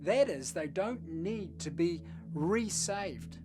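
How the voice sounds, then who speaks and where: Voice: medium pitch, expressive, slow pace, music in the background. A pastor giving a short devotional message in a conversational, storytelling manner.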